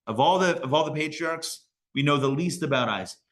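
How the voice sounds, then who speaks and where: Joking rabbi with a bright voice. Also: male voice, a little high, expressive, a little fast. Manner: casual, joking, digressive. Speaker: rabbi teaching a class. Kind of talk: live Torah class. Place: synagogue learning center.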